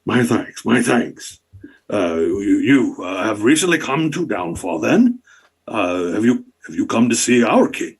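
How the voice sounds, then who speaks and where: A man's voice: lowish voice, big pitch swings, measured pace, slightly rough, full character voice. A man voicing a flustered, overly polite male frog-person duke who stammers and fawns over his guests. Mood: courteous.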